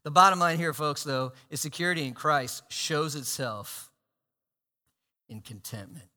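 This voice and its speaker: Man, pastor, sermon, bright tone, loud bursts and hushed asides, long reverb. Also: fairly high pitch, normal speed. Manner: animated, swinging between loud emphasis and hushed asides.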